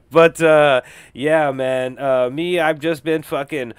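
A man's voice: a little high, very slow, pauses often, smooth, no echo. A profane, jokey male podcast host. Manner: profane, jokey, rambling with frequent fillers. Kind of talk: casual solo podcast chat.

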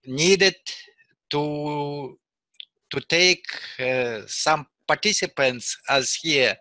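A man's voice: on the high side, bright, forceful tone, no echo. A man hosting an online English practice chat, speaking English as a second language, hesitant with many fillers. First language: not English. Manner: slow, hesitant, many fillers, laughs easily. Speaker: chat host. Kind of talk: casual group voice chat.

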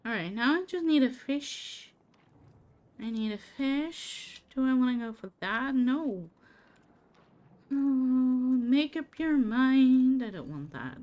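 A woman's voice: high voice, animated, takes it slowly, darkish tone. A woman streaming a game, chatting casually with her viewers by name and laughing often. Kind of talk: casual live-stream chat while gaming.

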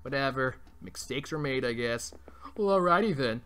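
A man's voice: mid-range voice, lively intonation, moderate pace, a bit bright. A man playing a video game for the first time and commenting, crude and joking, swearing and taunting enemies. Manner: crude, joking, trash-talking, swears a lot; mock-taunts enemies in bursts. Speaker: let's play gamer. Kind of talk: blind playthrough commentary. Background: faint game music.

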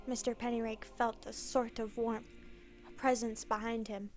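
Woman narrating a dark tale. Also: a little high, level tone, soft background music. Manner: measured, dramatic reading. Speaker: storyteller. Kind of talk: scripted story narration.

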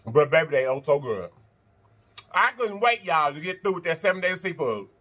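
A man hosting an eating-show vlog, chatting to viewers between bites, animated and quick to laugh. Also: on the high side. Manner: animated, talks straight to viewers, laughs and chants; talks while eating and blowing on hot food. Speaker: mukbang host.

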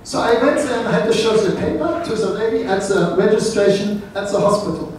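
Man doing a Viennese letter writer, deadpan, mid pitch, distant and roomy. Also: a little fast. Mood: wry. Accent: put-on Viennese. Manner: reads a letter aloud in character, dry and matter-of-fact. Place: lecture room with audience. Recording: roomy, distant, faint noise.

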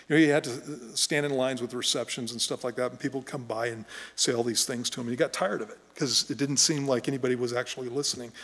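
A man's voice: mid-range voice, steady tone, quick pace, hardly any pauses, a bit bright, husky. A middle-aged man preaching a sermon as pastor, conversational and joking, often restarting his sentences. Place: church sanctuary. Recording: long church hall reverb.

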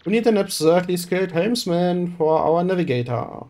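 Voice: mid-range voice, animated, moderate pace, a little mellow, close to an everyday voice. A streamer reading game dialogue aloud and voicing a pompous, flamboyant rich merchant with grand, theatrical delivery. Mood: grandiose.

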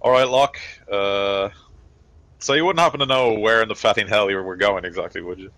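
A man's voice: fairly low pitch, brisk, fairly bright tone, no room sound, natural voice, rough recording. A man voicing a sardonic, grinning male crew officer who speaks in dry, teasing asides.

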